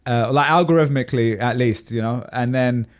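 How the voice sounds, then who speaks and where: A man's voice: medium pitch, fairly quick, smooth. Chatty, rambling male podcast co-host. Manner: chatty and rambling, laughs easily. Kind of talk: casual chat.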